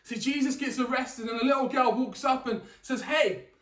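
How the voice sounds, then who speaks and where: A man's voice: extremely high pitch, steady tone, brisk, a bit bright. A man preaching a sermon in a conversational way, restarting words and asking the audience questions, in a church hall. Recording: echoey room, distant mic.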